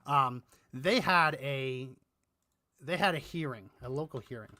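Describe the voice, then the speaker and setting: Bright-toned man on a dry, close mic. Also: medium pitch, unhurried, dry recording. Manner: meandering, restarts sentences, chuckles. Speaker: podcast co-host. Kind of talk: casual political chat.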